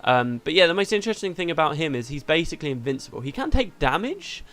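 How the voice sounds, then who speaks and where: A man's voice: fairly high pitch, sing-song, fast, fairly bright tone. A man hosting a let's play, chatting casually through the game and laughing easily.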